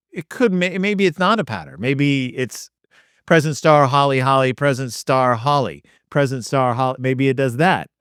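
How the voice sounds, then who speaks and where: A man comically reading through a children's activity book, quizzing listeners in a playful, mock teacher-like deadpan. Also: a little high, clear, resonant tone, no room sound, clean studio sound. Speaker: comedic podcast host.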